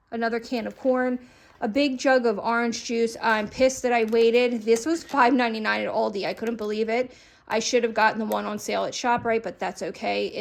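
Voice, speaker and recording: A woman's voice: fairly high pitch, a little hiss or hum. A young woman chatting at home about her grocery bargains, a little out of breath as she unpacks. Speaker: vlogger. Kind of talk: casual grocery haul chat. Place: at home, kitchen.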